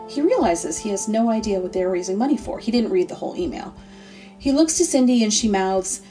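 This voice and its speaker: Woman reading a funny story, dry sarcastic delivery, kinda far from the mic, soft music behind. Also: medium pitch, a little fast. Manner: deadpan, sardonic. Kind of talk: comedic story narration. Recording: distant mic, faint music.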